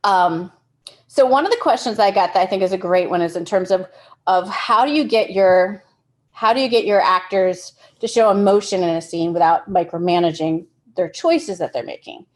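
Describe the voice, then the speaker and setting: A woman's voice: lowish voice, normal speed. A woman giving a casual workshop talk on directing actors, explaining with everyday examples and often restarting her sentences. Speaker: film directing instructor.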